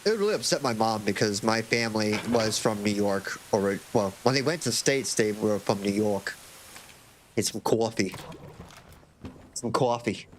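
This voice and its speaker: A man's voice: lowish voice, animated, moderate pace, hardly any pauses, slight background noise. A young man from Florida chatting casually on a live stream into a desk mic, rambling and joking with occasional swearing. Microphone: desk microphone.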